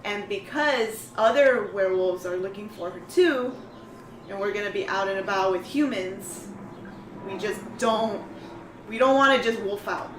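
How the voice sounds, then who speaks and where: Unhurried woman player, mid-pitched, earnest, roomy room. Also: recorded from a distance, noisy background. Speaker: player character, pack leader. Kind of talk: tabletop role-play chat.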